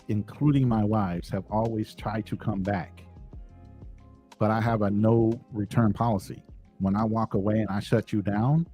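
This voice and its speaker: A man's voice: on the low side, mellow, husky. A middle-aged man in casual podcast chat, speaking bluntly and emphatically and swearing freely.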